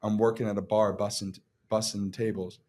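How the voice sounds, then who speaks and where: A young man, an actor, telling his story on a casual podcast in a profane, animated way with many restarts. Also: fairly low pitch, normal speed. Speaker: actor guest.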